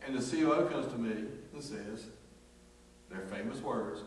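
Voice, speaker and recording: A man's voice: mid-range voice, normal speed. A man preaches from the pulpit, spinning a folksy workplace story and acting out each voice. His voice rings through a big echoey church sanctuary. He sits some way off the microphone, and a faint hum runs underneath. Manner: folksy, animated storytelling with acted quotes. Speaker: pastor. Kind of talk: storytelling sermon. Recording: echoey church hall from far off.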